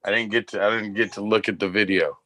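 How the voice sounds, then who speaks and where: Brief: low-pitched man with a bright, forceful voice, rambling profane storyteller, live stream co-host. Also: steady tone, fast. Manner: rambling, profane anecdotes with laughter. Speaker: podcast co-host. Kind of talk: casual chat, storytelling.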